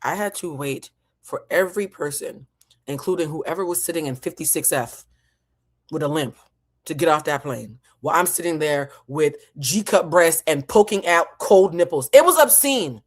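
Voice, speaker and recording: A woman's voice: sits low, moderate pace. A woman from New England telling a long, profane personal story in a casual way, acting out the voices of the people in it. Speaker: host.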